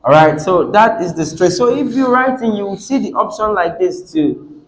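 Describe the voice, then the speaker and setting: A man's voice: sits high, animated, normal speed. A man teaching an English class on word stress, asking students questions and repeating words with the stress moved around. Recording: echoey classroom.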